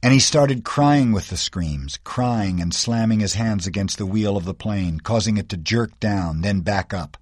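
A man's voice: lowish voice, unhurried, hardly any pauses, no room sound, studio quality. A man narrating an audiobook in a tense, dramatic storytelling manner.

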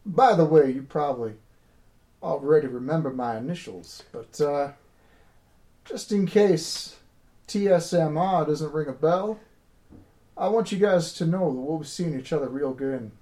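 A man voicing a confident, smug male villain with a slow drawl. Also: on the high side, mellow, natural voice. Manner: slow drawl, unhurried and self-assured.

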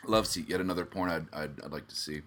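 A man's voice: deep voice, steady tone, quick pace, fairly bright tone. Rambling joking man on a podcast. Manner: joking, rambling, many fillers and restarts. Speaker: podcast co-host. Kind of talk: casual podcast banter. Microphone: studio microphone close up.

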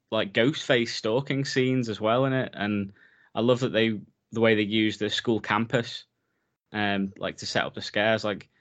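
Guy, 30s, low voice, eager and rambling podcast co-host, muffled lo-fi sound. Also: fairly bright tone. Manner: enthusiastic, rambling with many fillers. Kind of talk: casual film podcast chat.

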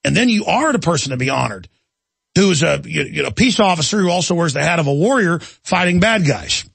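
Gravelly, ranting man. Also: fairly high pitch, animated, fairly quick, fairly bright tone, no room sound. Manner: indignant, ranting storyteller. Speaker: talk radio host. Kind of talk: talk radio monologue.

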